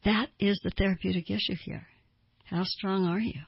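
A woman's voice: medium pitch, fairly even intonation, moderate pace, creaky, slightly rough, no echo. A woman therapist giving advice in an earnest way, asking listeners pointed rhetorical questions. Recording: dull lo-fi dry recording.

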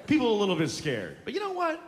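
A man in his forties doing a stand-up comedy routine, ranting with profanity and slipping into quick character voices. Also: high-pitched, wildly swooping pitch. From United States. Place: large theater on stage. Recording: live theater with hall reverb and crowd laughter.

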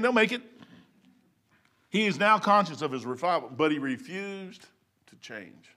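An older man giving an informal sermon in a folksy, excitable way, breaking into loud outbursts. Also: high-pitched. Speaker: preacher.

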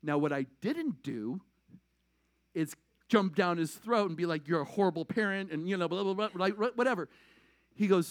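A male pastor preaching a conversational sermon, animated, swinging between loud emphasis and quiet asides. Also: high-pitched, normal speed, dry recording, studio quality.

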